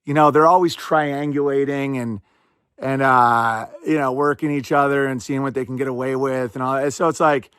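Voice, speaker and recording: A man's voice: medium pitch, fairly even intonation, a bit bright, clean tone, dry recording, studio quality. A man hosting a podcast, giving rambling, sarcastic commentary in a casual chat style. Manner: rambling, sarcastic, quick asides. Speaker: podcast host.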